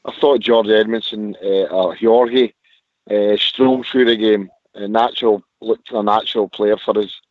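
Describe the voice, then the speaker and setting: A man's voice: fairly low pitch, fairly even intonation, a little slow, no room sound. A man with a Scottish accent calling in to a radio phone-in from a parked car, gushing about the match with lots of superlatives. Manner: enthusiastic, repeats superlatives. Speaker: caller. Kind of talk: casual phone-in chat. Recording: muffled phone line.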